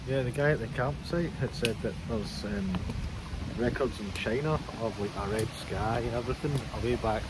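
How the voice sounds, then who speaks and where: A laid-back man chats along as a travel companion, mostly answering in short, easy replies. His voice is mid-pitched and partly buried under loud background noise. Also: moderate pace. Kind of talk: casual chat.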